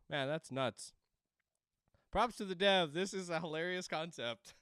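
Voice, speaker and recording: A man's voice: on the high side, animated, normal speed, fairly bright tone, clean tone, no room sound. A man playing a video game at home into a desk microphone, rambling, laughing and breaking into screams. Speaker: game streamer. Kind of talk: let's-play commentary. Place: home room.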